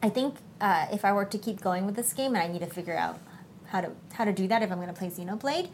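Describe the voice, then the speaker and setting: A woman's voice: medium pitch, lively intonation, quick pace, slight background noise. A woman co-hosting a podcast, chatting casually with frequent fillers and a playful streak. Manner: hesitant, lots of fillers, playful. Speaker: podcast co-host. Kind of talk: casual chat about video games.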